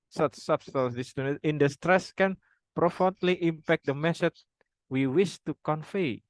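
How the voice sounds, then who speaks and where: A young man reading a prepared phonology presentation aloud, formal wording with halting restarts. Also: on the high side, no room sound, rough recording. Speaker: student presenter.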